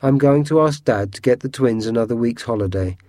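A man's voice: medium pitch, fairly quick, warm tone, no room sound, clean studio sound, lightly acted. A man voicing a brave, kind young girl in a storybook, speaking firmly and scolding. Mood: indignant. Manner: firm and scolding.

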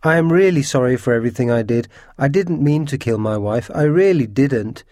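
A man voicing a lonely, sulky old male ghost in a storybook reading, speaking in a low, quivery, grumbling way. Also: a little slow, dark tone, dry recording. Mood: pleading. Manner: grumbling, self-pitying.

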